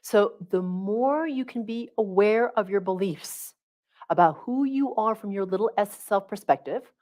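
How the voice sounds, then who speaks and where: A middle-aged woman hosts a livestream and teaches in a casual, conversational way. She talks with animated energy and keeps checking in with her listeners as she goes. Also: medium pitch, a little slow. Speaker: spiritual coach hosting a livestream.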